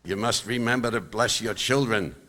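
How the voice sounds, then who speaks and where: An older stage performer from Brooklyn, New York, tells stand-up stories at normal speed with a bright, forceful tone, jokes landing in punchy bursts with big pitch swings. The large high school auditorium gives a long reverb, with slight background noise.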